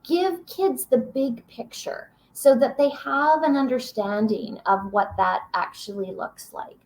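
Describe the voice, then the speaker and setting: Slow, encouraging woman teaching a webinar. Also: sits high. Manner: warm, encouraging, reads poems slowly aloud. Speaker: teacher-educator presenting a webinar.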